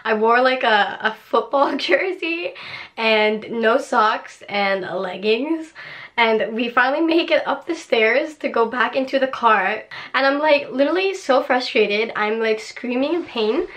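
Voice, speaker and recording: A young woman with a fairly high voice, chatting on camera in a relaxed, storytelling way. She is animated and breaks into laughter often. Her delivery is casual and unscripted. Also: a little slow. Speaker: vlogger.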